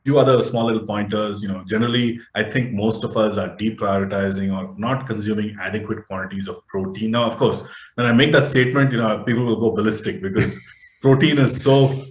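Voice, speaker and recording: A man's voice: fairly low pitch, fairly even intonation, a little fast, roomy sound. A man speaking as an interview guest, explaining health advice at length with many fillers and restarts. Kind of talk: casual interview talk.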